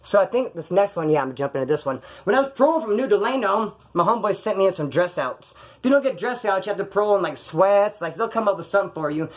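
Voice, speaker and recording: A man's voice: sits high, quick pace, hardly any pauses. A man with a Californian accent telling prison stories in a casual, profane monologue, often acting out the voices of other people. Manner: animated, swearing, acts out other voices.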